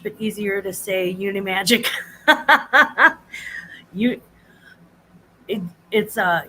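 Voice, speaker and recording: A chatty American woman hosts a casual livestream, chatting live with viewers in a bright, forward voice. She drifts from one thought to the next and greets viewers by name in a high sing-song. The audio is poor, with a faint room hum beneath her.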